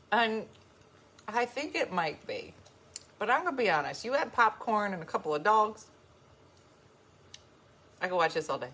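A woman's voice: medium pitch, sing-song, moderate pace, long pauses, a bit bright, breathy edge. A woman vlogging at home in casual chat, rambling and playfully grumpy while sharing snacks with her dogs.

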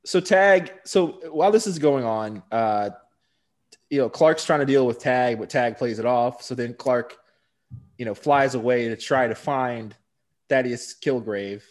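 A man's voice: mid-range voice, measured pace. Podcast guy walking through the plot, middle voice, keeps saying right right. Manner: steady recap, frequent "right" agreements. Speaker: podcast co-host. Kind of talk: casual chat recapping a TV episode.

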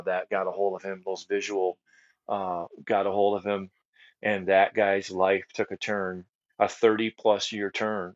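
Speaking low, with no echo, a middle-aged man from the United States appears on a podcast as a guest ministry leader. He earnestly tells his personal testimony, repeating phrases and filling pauses often, in dry and slightly dull audio.

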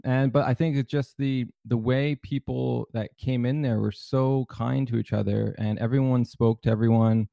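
Mellow-voiced male podcast host, rambling. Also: medium pitch, fairly even intonation, normal speed, gravelly, hardly any pauses, no room sound. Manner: easygoing, rambling with many fillers and restarts. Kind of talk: casual podcast chat.

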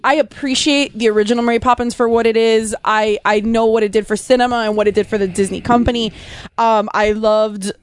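A woman's voice: on the high side, steady tone, a little fast. A woman co-hosting a casual movie-review chat, talking loosely with many fillers. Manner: chatty, uses many fillers and restarts. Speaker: podcast co-host.

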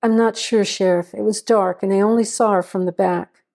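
A woman voicing a young male deputy who is hurt and apologetic, speaking in a halting, shaky voice as she reads the story aloud. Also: mid-range voice, steady tone, gravelly, darkish tone, lightly acted. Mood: pained. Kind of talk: audiobook reading.

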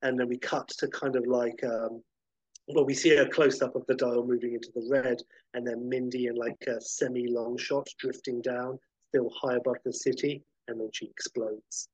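Rambling man pitching a movie. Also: flat delivery, moderate pace, a little mellow, slightly rough, no echo, poor audio. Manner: rambling, with many fillers. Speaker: podcast film pitcher. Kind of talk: casual storytelling pitch.

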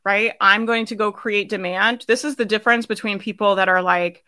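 A woman's voice: medium pitch, fairly even intonation, moderate pace, few pauses, bright, forceful tone, smooth. A young woman hosting a live business coaching session, talking casually and emphatically, often asking "right?" and laughing. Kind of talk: casual motivational coaching talk.

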